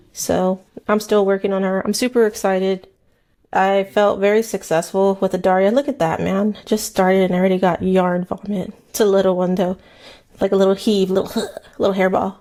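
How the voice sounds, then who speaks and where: A woman, hosting a true crime podcast in casual, rambling chat while she crochets, talking fast and swearing freely. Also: mid-range voice, darkish tone. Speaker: podcast host. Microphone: headset mic, then removed.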